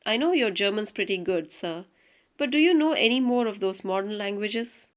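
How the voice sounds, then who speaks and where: A woman's voice: medium pitch, animated, normal speed, close to an everyday voice. Woman voicing a cheeky male prisoner, sly, teasing, audiobook reading.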